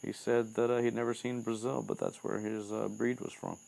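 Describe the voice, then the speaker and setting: A man's voice: on the low side, level tone, a little fast, gravelly, a little mellow, pitched above the performer's own voice. A man voicing a laid-back teenage boy wizard who talks in slang, swears and shrugs things off. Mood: offhand.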